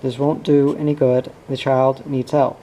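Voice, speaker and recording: Desperate middle-aged wife, imploring, read by a man in a mellow, even voice. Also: medium pitch, a little slow, slight background noise, lightly acted, low-quality recording.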